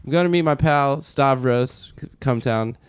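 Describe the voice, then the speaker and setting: A man in his thirties, a guest on a podcast, telling a rambling story in casual chat with many halting restarts. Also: mid-range voice, clean tone, dry recording. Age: 30s.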